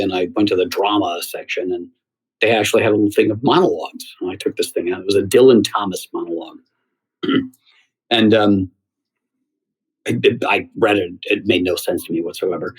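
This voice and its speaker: A middle-aged man from the United States, a theater critic, telling lively stories as a guest in an interview. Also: lowish voice, fairly quick, slightly rough, low-quality recording. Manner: animated storyteller who acts out quoted voices. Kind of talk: anecdotal interview storytelling.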